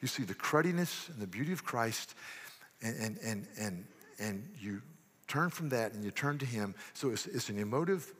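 Earnest pastor in a reverberant church. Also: male voice, medium pitch, lively intonation, moderate pace, fairly bright tone, slightly rough. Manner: earnest, rhetorical questions, frequent restarts. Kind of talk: sermon.

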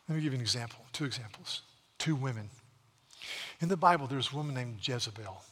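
Forceful storytelling male preacher. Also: medium pitch, expressive, quick pace, husky, long reverb tail. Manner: dramatic retelling of scripture stories, with frequent restarts. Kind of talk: sermon storytelling.

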